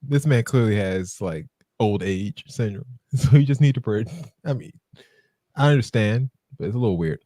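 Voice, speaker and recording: A man's voice: on the low side, lively intonation, moderate pace, warm tone, no echo, studio quality. A man hosting a casual podcast, joking and laughing often as he reacts to viral clips. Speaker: podcast host.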